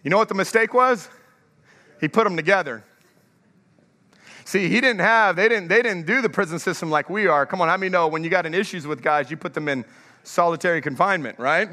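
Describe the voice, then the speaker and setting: A male pastor with a high, bright, forceful voice preaches an energetic sermon. He keeps drawing the congregation to answer. His words ring out in the long reverb of a large church. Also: a little fast. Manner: energetic, calls for congregation response.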